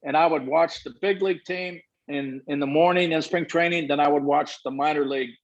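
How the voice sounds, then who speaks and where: A man's voice: a little high, brisk. An older man, a former baseball manager, telling stories in an interview and acting out the dialogue. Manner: animated storyteller acting out dialogue. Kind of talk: storytelling interview answers. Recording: muffled lo-fi audio.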